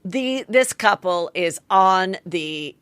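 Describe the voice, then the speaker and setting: A woman's voice: fairly low pitch, expressive, slow, fairly bright tone, smooth, no room sound. Gossipy woman host, dry close mic. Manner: chatty gossipy storytelling, acts out quotes. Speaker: podcast host. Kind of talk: comedic show recap.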